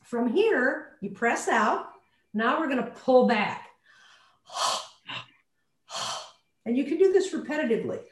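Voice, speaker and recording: Woman, voice coach, demonstrative, lively intonation, roomy echo. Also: high voice, takes it slowly, pauses often. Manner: demonstrative, shifts her voice to show examples. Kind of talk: coaching session on a video call.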